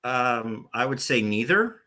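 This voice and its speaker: This is a man in his forties with a bright, forceful voice, chatting easily as a podcast guest. He rambles through his stories with lots of restarts and small fillers. His pitch sits right in the middle for a man. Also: very animated, slow pace. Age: 40s. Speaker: podcast guest, former bowling tournament director. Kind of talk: casual storytelling interview.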